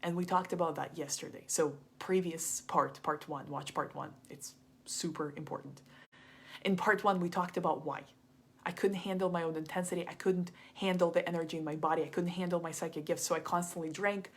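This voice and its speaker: A woman's voice: on the low side, fairly even intonation, a little fast, husky. A young adult woman coach telling a frank, confessional story in a masterclass, loose and chatty with lots of "like". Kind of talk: candid storytelling monologue.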